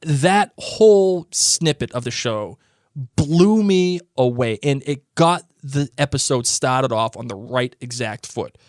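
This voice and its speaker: Speaking slowly in a medium pitch, this podcast co-host chats enthusiastically and teasingly about a TV episode, frequently starting his sentences over. The audio is dry and studio quality.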